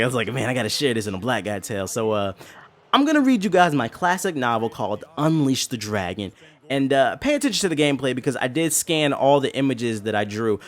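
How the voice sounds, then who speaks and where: A man hosting a casual gameplay vlog, cursing freely, laughing often and reading aloud from an old childhood book. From St. Louis. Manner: profane, laughs often, sings the show's theme high. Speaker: gaming channel host. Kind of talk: casual vulgar commentary over gameplay.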